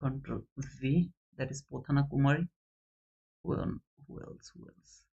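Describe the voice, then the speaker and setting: A man with a South Asian English accent hosting a live stream, chatting casually and reading names aloud with excited bursts. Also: fairly high pitch, lo-fi sound. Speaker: trading channel host running a giveaway.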